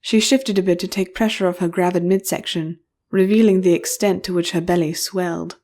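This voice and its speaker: A woman reading a first-person fantasy audiobook in a measured, expressive storytelling voice. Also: lowish voice. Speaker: audiobook narrator.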